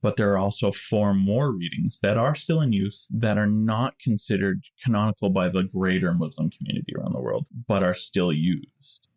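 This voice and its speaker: A man with a low, gravelly voice co-hosts a casual podcast. He explains things at length and in detail, stumbling on a word now and then. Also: normal speed. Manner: explains at length with small restarts and soft laughs. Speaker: podcast co-host.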